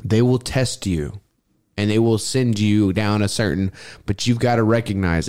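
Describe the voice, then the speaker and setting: A young man on a casual podcast, talking loosely and cursing freely as he tells a personal story. His voice sits a little low, and he jumps into a higher pitch whenever he mimics someone else. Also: moderate pace, clean tone. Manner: animated, profane, mimics others in a high voice when quoting. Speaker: podcast co-host.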